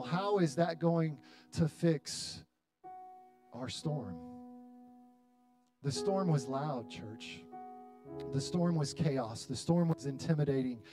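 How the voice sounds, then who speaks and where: A man in his thirties preaching a sermon to his church, building to loud, dramatic appeals with long pauses. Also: on the high side. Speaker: pastor. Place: church hall.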